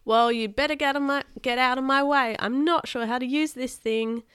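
Give me a woman voicing a young boy hero from a storybook, high and excitable. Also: moderate pace, smooth, dry recording, clean studio sound. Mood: alarmed. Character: young boy hero, nervous but eager.

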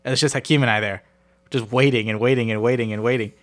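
A man's voice: mid-range voice, fast. Profane young man telling stories. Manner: profane, laughing, animated storytelling. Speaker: podcast co-host. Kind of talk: casual storytelling chat.

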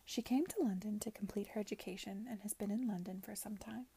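Hushed gossipy chaperone, whispered by a woman. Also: mid-range voice, a little fast, gravelly, slightly rough. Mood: confiding. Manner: confiding, hushed. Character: gossipy fawning middle-aged chaperone woman. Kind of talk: whispered reading.

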